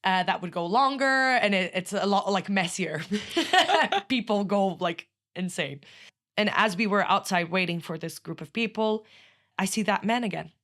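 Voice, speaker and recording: Brief: Portuguese-accented woman, guest, lively casual storyteller, mid pitch. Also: moderate pace. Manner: animated, laughs often, acts out quoted speech. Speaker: podcast guest.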